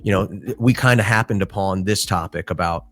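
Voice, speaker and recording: A man's voice: low-pitched, a little fast, a bit bright. A middle-aged man co-hosting a podcast, telling stories in a casual, rambling way with lots of fillers. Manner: rambling storyteller with many fillers. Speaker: podcast co-host.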